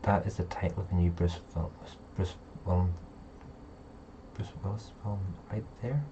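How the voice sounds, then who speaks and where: A man's voice: deep voice, moderate pace, warm tone, dull audio, slight background noise. A man hosting a casual live chat, rambling and talking straight to his viewers. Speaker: livestream host.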